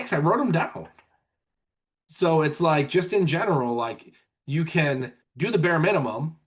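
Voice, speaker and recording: A man who manages insurance agents, chatting casually on a podcast and telling sales stories, often acting out what clients said. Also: a little high. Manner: storytelling, acts out clients' lines.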